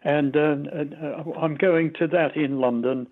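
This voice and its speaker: A man in his eighties with a mild Australian accent, a retired radio presenter reminiscing in an interview, rambling and halting with many fillers. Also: a little high, fairly even intonation, narrow, tinny audio. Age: 80s.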